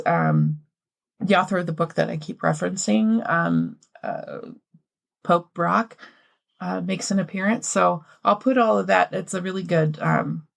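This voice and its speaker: A woman's voice: on the low side, gravelly. A woman co-hosting a podcast, reading a prepared history story with asides, then chatting casually. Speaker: podcast co-host.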